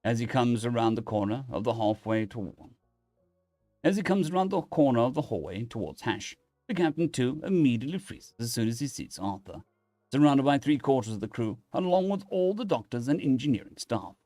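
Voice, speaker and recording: Lively man reading sci-fi stories. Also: mid-range voice, brisk, no echo, soft background music. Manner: lively, animated reading with restarts. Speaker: story narrator. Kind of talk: reading internet stories aloud.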